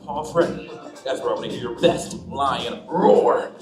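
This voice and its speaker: A man's voice: medium pitch, measured pace, natural voice. A man playing a cheeky, vain young troupe performer who jokes and hypes up the crowd at a live theme park show. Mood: hyped. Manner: joking, hyping up the crowd with shouts. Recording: roomy, with music and crowd.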